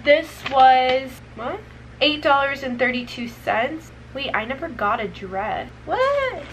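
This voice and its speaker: A nineteen-year-old woman talks through a try-on haul in a high, bright voice. She is chatty and expressive, dropping "like" into every sentence, over a faint background hiss. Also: slow, poor audio. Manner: chatty and expressive, heavy use of "like". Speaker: beauty and fashion vlogger. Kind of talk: casual try-on haul chat.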